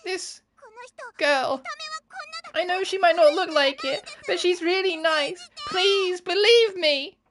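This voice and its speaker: A woman voicing a timid, high-voiced young girl who carries a gun, speaking in a pleading, eager-to-please way. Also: takes it slowly, background noise.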